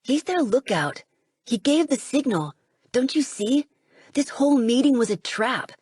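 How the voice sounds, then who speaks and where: A woman voicing a defensive, frightened twelve-year-old boy in an audiobook, muttering in a low huff. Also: big pitch swings, unhurried, a little mellow, slightly rough, dry recording, studio quality, exaggerated voice. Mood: tense.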